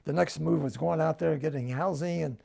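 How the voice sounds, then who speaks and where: A man's voice: a little high, brisk, gravelly, mellow. An older man with a New Jersey accent, telling family stories in an oral history interview at home and acting out the dialogue. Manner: storytelling, acts out quoted dialogue.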